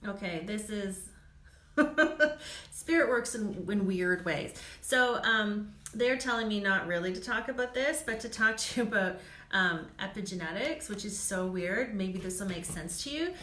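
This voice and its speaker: A woman's voice: medium pitch, unhurried, pushed and bright. A woman doing live card readings for viewers, chatty and reassuring, laughing often and filling gaps with "um". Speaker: psychic reader. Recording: echoey room.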